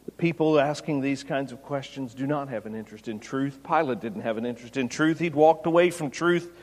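A man preaching an expository sermon, rising to loud, emphatic peaks. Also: mid-range voice, fairly quick. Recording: long hall reverb.

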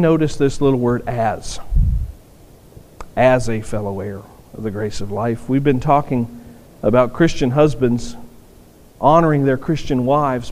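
A pastor with a slightly high, darkish voice preaches an earnest sermon in a church sanctuary, often repeating words for emphasis. The long reverb of a large hall surrounds his speech.

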